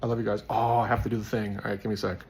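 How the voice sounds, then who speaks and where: A man's voice: fairly low pitch, little pitch movement, very fast, gravelly, darkish tone, slight background noise. A man hosting his own show, chatting casually about a Bible verse and rambling as he thinks aloud. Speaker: host. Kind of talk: casual scripture commentary.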